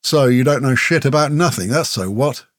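A man voicing a small, amused male wanderer of about fifty who mocks calmly. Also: medium pitch, moderate pace, no echo, studio quality, close to an everyday voice. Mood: mocking. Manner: amused, mocking, unbothered.

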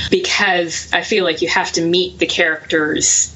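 Bright, quick-laughing woman author. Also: lowish voice, steady tone, poor audio. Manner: quick, laughing, self-deprecating. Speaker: author guest. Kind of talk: casual interview chat.

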